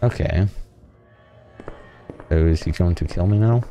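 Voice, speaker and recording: A man's voice: low voice, measured pace, mellow, soft background music. A man playing a horror game and commenting casually to himself, jumpy and a little nervous, sometimes reading in-game notes aloud. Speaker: gaming channel host.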